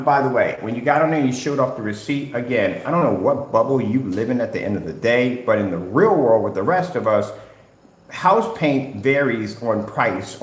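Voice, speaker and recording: A man in the middle of a heated livestream rant, lecturing and calling people out in a confrontational way and circling back to the same phrases. His voice sits at an ordinary pitch for a man. The room around him rings with noticeable echo. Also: slight background noise. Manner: confrontational, lecturing, repeats "at the end of the day". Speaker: business owner ranting at rivals. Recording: roomy echo.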